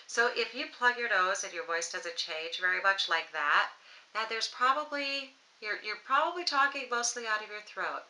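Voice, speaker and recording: A woman voice teacher leading a playful, encouraging vocal warm-up lesson straight to camera. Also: mid-range voice, moderate pace, rough recording. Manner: playful, encouraging, demonstrates exercises. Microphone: camera mic, close framing.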